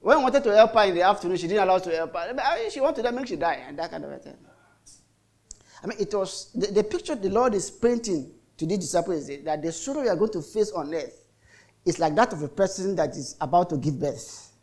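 A man's voice: sits high, expressive, fairly quick, a little mellow. A middle-aged Nigerian man preaching a sermon as a pastor, telling stories in a chatty way with lots of repetition. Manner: chatty storytelling with repetitions and mock voices.

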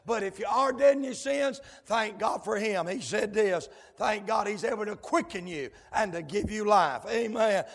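A male preacher delivering a fiery sermon in rhythmic cadences, dotted with amens and sudden shouted whoops. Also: high voice. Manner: rhythmic cadences punctuated with amen. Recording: long hall reverb.

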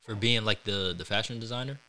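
A man co-hosting a casual podcast, chatty and quick to react. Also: on the low side, bright, forceful tone. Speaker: podcast co-host.

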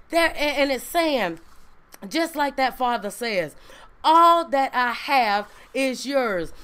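High-voiced woman preaching a sermon. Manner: emphatic, call-and-response asides like "right?" and "amen".

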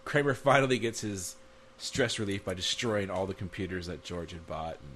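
A man's voice: deep voice, moderate pace, a bit bright, a little hiss or hum. A man co-hosting a casual chat, laughing often and acting out quoted lines. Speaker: podcast co-host.

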